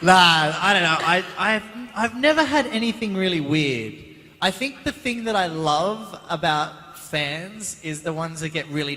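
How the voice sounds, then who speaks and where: A man, answering fan questions as a guest actor on a convention panel, chatty and animated, recorded on a handheld mic in a large hall. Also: high voice. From Australia. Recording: reverberant hall.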